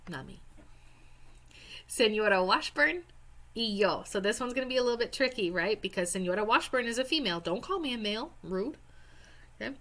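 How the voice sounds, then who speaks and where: A woman's voice: mid-range voice, a bit bright. A young woman teacher, patiently talking students through a screen-recorded language worksheet and spelling words out. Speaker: Spanish teacher. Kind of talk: screen-recorded lesson walkthrough.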